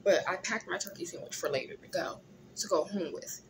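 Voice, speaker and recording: A groggy, tired young woman, casually chatting in a vlog from a hospital room, often clearing her throat. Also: fairly low pitch, fairly quick, slight background noise. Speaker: vlogger. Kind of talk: casual vlog chat while eating.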